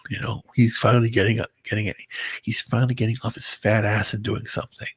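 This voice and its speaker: A very tired man talking to his viewers in a halting personal monologue, often stumbling and restarting his words. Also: lowish voice, level tone, a little hiss or hum. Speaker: vlogger. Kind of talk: rambling personal monologue to camera.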